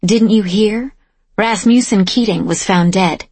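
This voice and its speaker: A man's voice: sits high, unhurried, a little mellow, slightly rough, dry recording. A woman voicing a scornful, crude young nobleman who sneers and barks orders, in an audiobook.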